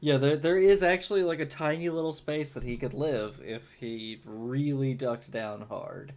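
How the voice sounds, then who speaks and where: A man playing a tabletop game, chatting casually in an unhurried way and laughing often. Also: mid-range voice, darkish tone. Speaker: player.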